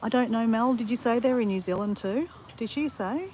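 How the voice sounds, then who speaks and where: A woman's voice: a little high, a little fast, darkish tone, a little hiss or hum. An Australian woman rambling in casual chat to her viewers as she walks outdoors. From Southeast Queensland, Australia. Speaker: vlogger. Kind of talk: casual livestream chat while walking. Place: outdoors near a beach.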